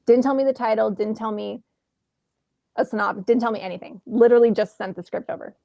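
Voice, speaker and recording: A woman in her thirties, an actress telling a lively story in a casual interview from home over a video call, acting out the exchanges she quotes. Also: on the high side, a little fast, vocal fry, no room sound. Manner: animated, acts out quoted exchanges. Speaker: actress guest.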